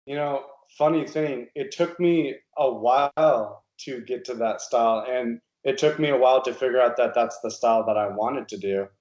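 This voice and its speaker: A guest designer from Nebraska, speaking at medium pitch and normal speed with few pauses, answers casual interview questions thoughtfully and hesitantly, using many fillers. His tone is darkish, and the dull audio carries a roomy echo.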